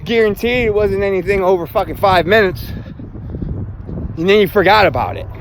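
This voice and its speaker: A man's voice: high-pitched, fairly quick, slight background noise. A man delivering a profane motivational rant, blunt and emphatic, swearing constantly. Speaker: self-help vlogger.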